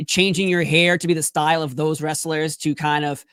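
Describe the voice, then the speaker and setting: A man's voice: a little high, flat delivery, normal speed, fairly bright tone, smooth, no room sound, studio quality. A man hosting an interview, asking long, enthusiastic questions full of fillers and restarts. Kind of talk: casual sit-down interview.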